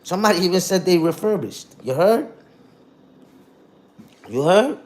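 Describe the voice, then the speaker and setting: A male livestream host goes on a casual rant to the chat, speaking rapidly in street slang and tagging lines with a rhetorical "you heard?" Pitched a bit high for a man, his lively voice climbs and dips as he works himself up.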